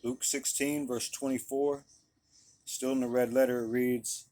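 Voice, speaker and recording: A Bible teacher with a steady, dark, mid-range voice leads a casual Bible study. He reads scripture plainly, then explains it in easygoing everyday language, often checking in with his audience.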